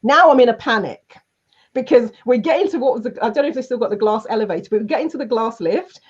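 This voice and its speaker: A woman with a fairly high voice tells her story with energy, acting out the voices of the people in it. The recording is dull and lo-fi and has a muffled top end. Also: fast, breathy edge. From South London, England. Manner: lively, acts out quoted voices. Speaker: guest speaker and trainer. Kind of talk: animated storytelling in an interview.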